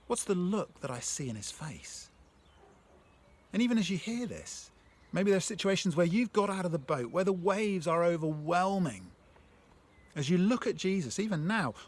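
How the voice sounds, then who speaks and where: A man speaks in a husky, breathy voice, giving a reflective devotional talk. His pitch rises and falls a great deal as he reads a prayer and asks the listener gentle questions. He drops to a near-whisper at some moments and speaks up firmly at others. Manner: swings between soft, hushed phrases and stronger ones. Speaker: speaker sharing a faith story.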